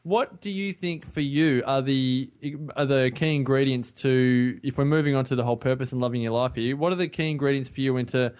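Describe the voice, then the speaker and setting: A man's voice: medium pitch, fairly quick, few pauses, a little mellow. A man co-hosting a podcast, chatting in a friendly way and asking leading questions. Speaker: podcast co-host. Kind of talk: casual chat.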